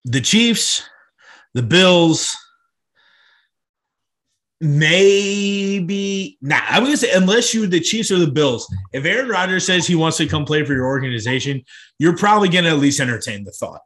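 A man with a somewhat raised voice chatting on a sports podcast. He sounds relaxed and opinionated and hedges often with filler words. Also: fairly high pitch, measured pace. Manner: relaxed, opinionated, hedging with "like" and "I mean". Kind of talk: casual sports podcast chat.

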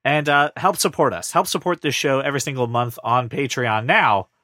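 A man's voice: mid-range voice, normal speed, dry recording, clean studio sound. A man hosting a podcast, chatting casually and joking with his co-hosts. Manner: playful, jokey, lively delivery. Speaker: podcast host. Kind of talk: casual chat.

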